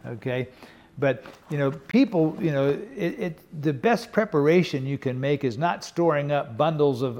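With a fairly high but darkish voice, an older man delivers a sermon as a pastor. He's earnest and conversational, regularly asking "okay?" and saying "you know" to engage his congregation.

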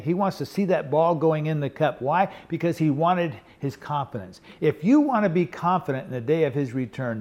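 This pastor, an older man, has a voice on the high side with a darkish tone. His preaching feels earnest and chatty, and he keeps checking in with listeners through frequent "okay?" and "you know."

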